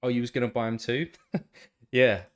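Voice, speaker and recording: A man's voice: medium pitch, moderate pace. A man hosting a casual live stream, with a congested, nasal voice, rambling along and talking to his viewers by name. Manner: rambling, talks to chat viewers by name, many restarts. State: congested, still a bit tired.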